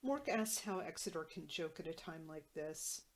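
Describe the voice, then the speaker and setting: A woman's voice: low-pitched, animated, moderate pace, crowd noise, noisy background. A woman podcast host recapping a sitcom episode with wry, conversational commentary.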